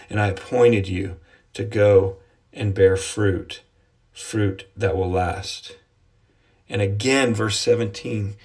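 A man gives a devotional Bible lesson in a low, somewhat husky voice. His delivery stays fairly flat, earnest and repetitive, and he slows down deliberately when he quotes scripture. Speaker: Bible teacher.

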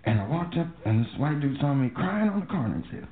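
A man's voice: fairly high pitch, quick pace. A man performing a stand-up comedy set, telling loose, profane stories and acting out voices. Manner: loose, profane, animated storytelling with acted-out voices. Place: comedy club stage. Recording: echoey club over a tinny phone line with loud crowd. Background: audience laughter and room noise.

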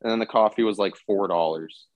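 A young man hosting a podcast, telling a story in a halting, animated way and swearing freely. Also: on the low side, no echo, muffled recording. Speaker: podcast host. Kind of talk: casual chat, storytelling.

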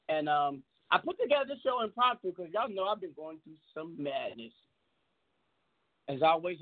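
A man in his fifties hosting a call-in radio talk show, rambling and preachy in a heartfelt way. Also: a little high. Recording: tinny phone-line audio.

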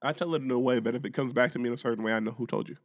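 A man's voice: medium pitch, fairly even intonation, very fast, in a large hall. A man co-hosting a podcast in casual chat, profane and laughing often as he tells stories. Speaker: podcast co-host.

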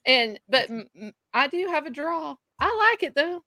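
A woman's voice: sits high, sing-song, normal speed, sharp tone, no echo. A woman with a Southern US accent co-hosting a casual chat, chatty and giggly. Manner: chatty, giggly, self-teasing. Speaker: co-host.

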